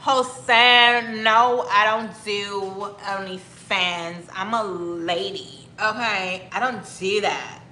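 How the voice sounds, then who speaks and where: A woman's voice: medium pitch, steady tone, very slow, hardly any pauses, bright, forceful tone, a little hiss or hum. A woman from Miami casually chatting with viewers on a livestream, greeting them by name and drawing out her words. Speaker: livestream host. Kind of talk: casual livestream chat reading comments. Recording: echoey room.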